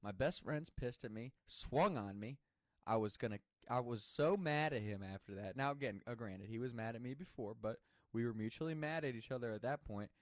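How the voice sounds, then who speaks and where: A man's voice: mid-range voice, fairly quick, no echo. A man telling a personal story in a casual, chatty way, swearing freely and laughing as he goes.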